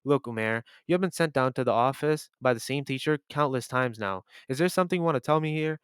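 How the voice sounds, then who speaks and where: A man's voice: mid-range voice, fast, clean tone, dry recording, studio quality, lightly acted. A young man voicing a disappointed male school principal while telling a story, speaking in a weary tone.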